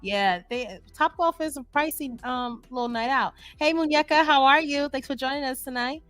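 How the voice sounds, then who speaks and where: A woman from New York co-hosting a casual livestream, reading viewer comments aloud and chatting in an animated, laughing way. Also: high-pitched, no echo, faint music behind. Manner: animated, laughs often, drawn-out emphasis. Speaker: livestream co-host reading chat. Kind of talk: casual chat.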